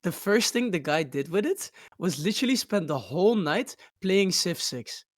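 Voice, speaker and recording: A man with a fairly high voice trades playful, bragging gaming stories on a podcast call. His sound is dry and close. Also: sing-song, moderate pace, dry recording. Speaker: podcast co-host. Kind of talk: casual gaming chat. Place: online voice call.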